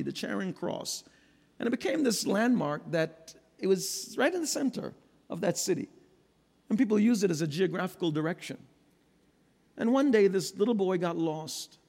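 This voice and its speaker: A middle-aged man preaching a sermon, swinging from low, quiet stretches to loud, ringing calls. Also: vocal fry. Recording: long hall reverb.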